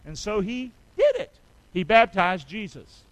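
High, animated middle-aged preacher man. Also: measured pace, no room sound, low-quality recording. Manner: call-and-response preaching, asking the congregation for amens. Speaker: pastor. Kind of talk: sermon.

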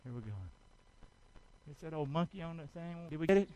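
A pastor with a fairly high, slightly mellow voice preaches a sermon in church at a slightly quick pace, winded from the effort. He exhorts the congregation and calls on them to answer back as he works through a demonstration. The audio quality is poor.

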